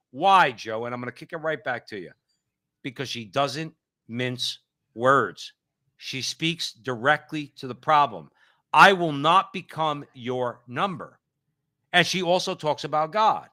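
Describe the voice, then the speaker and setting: Fiery, bright-voiced male commentator. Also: a little high, lively intonation, unhurried. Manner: fiery, preachy, repetitive. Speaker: co-host. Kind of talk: impassioned political commentary.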